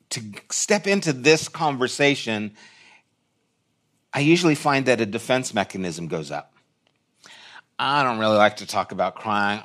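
A man's voice: medium pitch, fairly bright tone. A man preaching a sermon in a church, reflective and conversational, with short restarts. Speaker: pastor.

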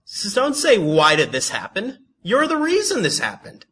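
A man puts on an exasperated male God, high-pitched and loud, scolding in blunt, repeated lines. The voice sits well above the speaker's usual pitch and keeps a bright, forceful edge. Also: wildly swooping pitch, moderate pace, slightly rough, heavily acted. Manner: blunt, repeats himself, insists it is not his fault.

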